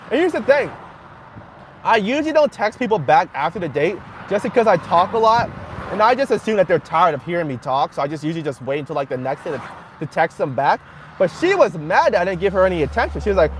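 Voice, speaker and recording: A man's voice: high voice, very animated, moderate pace, slight background noise. A man live-streaming from his car as he drives, chatting casually in a rambling way and laughing often. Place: in a car while driving.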